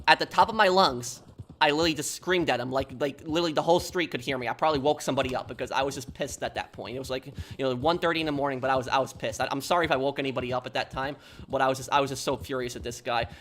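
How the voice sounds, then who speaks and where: Fast-talking man telling a story. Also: mid-range voice, fairly bright tone. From New York. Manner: rambling, repeats himself, restarts often. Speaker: streamer. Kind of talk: casual storytelling on a stream.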